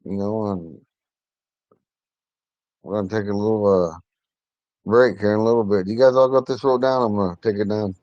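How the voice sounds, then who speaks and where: A man teaching an online language class, talking in a relaxed, rambling way with many fillers. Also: fairly low pitch, moderate pace, long pauses, dry recording, lo-fi sound. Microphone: phone.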